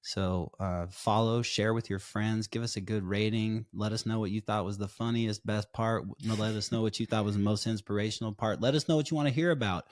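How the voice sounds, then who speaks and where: A man hosting a podcast in a relaxed, upbeat way, thanking his co-host and signing off to listeners. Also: on the low side, fairly quick, few pauses. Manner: laid-back, upbeat sign-offs. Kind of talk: casual chat.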